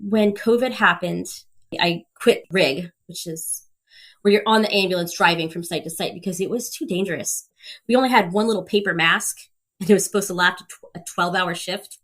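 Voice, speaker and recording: Energetic woman, laughs a lot. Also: on the low side, fairly quick. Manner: energetic, laughs often, acts out quoted voices. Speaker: podcast guest. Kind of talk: casual storytelling.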